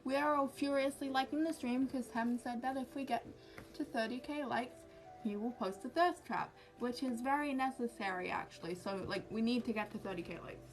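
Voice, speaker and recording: A young woman with a slightly high voice and moderate pace chats casually with her livestream audience. This cosplay livestreamer is self-mocking and easily distracted, and the recording uses a distant mic with background music.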